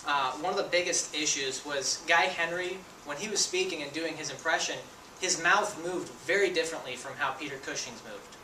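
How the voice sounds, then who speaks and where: A young man delivers a persuasive speech with a bright, forceful voice that sits a little high for a man. He is recorded from across an echoey room, with a faint hiss underneath. He draws the audience in with questions as he speaks. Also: moderate pace, distant mic. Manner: engaging, asks the audience questions. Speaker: student speaker.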